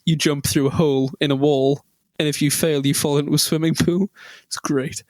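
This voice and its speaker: Rambling podcaster, fairly high voice. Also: male voice, level tone, moderate pace, no room sound, clean studio sound. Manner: rambling, self-deprecating, with many ums. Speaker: podcast co-host. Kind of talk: casual chat, storytelling.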